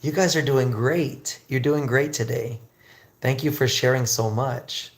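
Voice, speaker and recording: A man teaching English on a livestream, chatting with viewers and slowly drilling pronunciation. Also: medium pitch, fairly even intonation. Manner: slow, drawn-out pronunciation drills.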